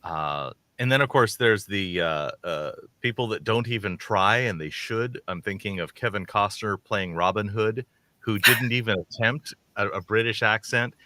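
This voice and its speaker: A man's voice: lowish voice, normal speed, bright, forceful tone, no room sound. A man co-hosting a call-in show, talking in a chatty, rambling way with many restarts. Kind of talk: casual chat.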